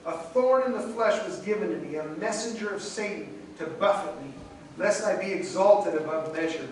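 A man's voice: high voice, moderate pace, slight background noise. A middle-aged man preaching a sermon as pastor, emotional and swelling in volume as he speaks. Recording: very echoey hall, distant mic.

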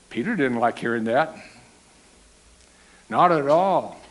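A man preaching a sermon, animated and acting out the quoted lines. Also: medium pitch, slow, rough recording.

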